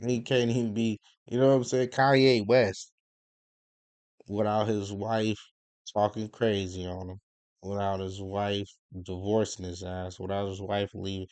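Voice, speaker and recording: A man's voice: on the low side, little pitch movement, measured pace, darkish tone, no room sound. A man ranting casually in an incredulous, profane way. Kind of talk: casual rant.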